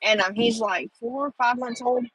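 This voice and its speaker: A woman's voice: fairly high pitch, moderate pace, fairly bright tone, poor audio. A middle-aged woman, chatting with viewers on a casual livestream and rambling with lots of fillers. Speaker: livestream host.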